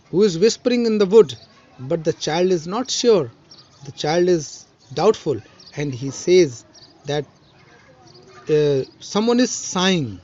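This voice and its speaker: Slow, halting Indian English teacher. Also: male voice, on the high side, darkish tone, breathy edge, muffled recording. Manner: slow, halting explanation with many fillers and restarts. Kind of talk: recorded online poetry lesson.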